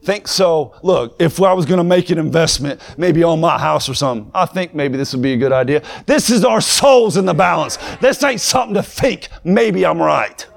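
Young guy preaching, high voice, gets loud and fired up. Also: lively intonation, normal speed, creaky, hardly any pauses. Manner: builds from conversational to shouted, fervent preaching. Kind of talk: sermon.

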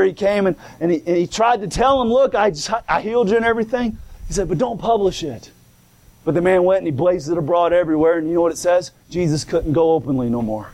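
A slightly mellow, high male voice delivers a sermon, reading old scripture phrasing and then putting it into plain, colloquial words. Along the way he repeats, restarts, and calls out "come on now" and "glory".

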